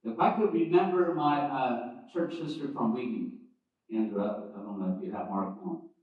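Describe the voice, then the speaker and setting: A man's voice: mid-range voice, normal speed. A man giving a conversational teaching sermon on church history, speaking with restarts and asides. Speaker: preacher. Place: church sanctuary. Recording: echoey, distant, dull church recording.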